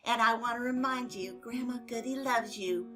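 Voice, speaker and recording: An older woman spins a Bible story for little kids in a chatty, homespun way, leaning on fillers and little exclamations. Her voice sits high and bright, with a clear, forward ring. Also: moderate pace, soft background music. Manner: animated, exclaiming. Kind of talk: storytelling to children.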